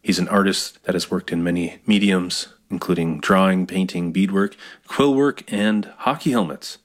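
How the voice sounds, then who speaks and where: A man's voice: sits low, moderate pace. A man hosting a radio show, reading the show credits and then chatting with his guest. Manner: reads the station credits smoothly, then chats. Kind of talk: radio show intro and chat.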